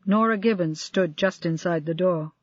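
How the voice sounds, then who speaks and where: Measured audiobook narrator, dry dull sound. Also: medium pitch, no echo. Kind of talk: scripted crime novel narration.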